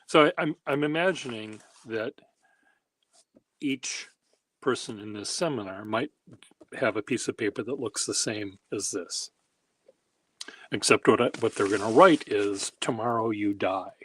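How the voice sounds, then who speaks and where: A man's voice: on the low side, measured pace, long pauses. A man hosting a handwriting workshop, rambling casually in a wry, self-deprecating way while he demonstrates. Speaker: pen workshop host.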